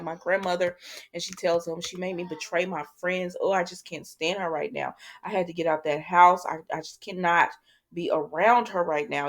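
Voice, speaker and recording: Chatty woman recapping a soap episode. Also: on the low side. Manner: chatty, retells scenes through loose quoted dialogue; frequent fillers and restarts, offhand asides. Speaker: soap opera recap host.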